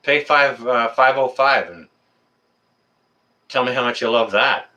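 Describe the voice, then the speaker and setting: Male live-stream host, chatty, lively pitch. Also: unhurried, muffled recording. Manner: chatty, talks to viewers and reads chat aloud. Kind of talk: casual live-stream chat. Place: apartment.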